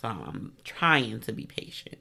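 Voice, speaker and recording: A middle-aged woman hosting a casual interview, chatty and quick to laugh. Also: rumbling low, vocal fry, breathy edge. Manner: chatty, laughs easily, animated when telling stories. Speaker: podcast host.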